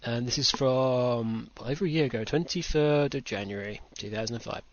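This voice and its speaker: A man's voice: mid-range voice, brisk, a little hiss or hum. Rambling British man hosting a podcast. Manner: rambling, dry self-mocking. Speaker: podcast host. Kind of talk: casual chat. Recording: dull lo-fi home recording.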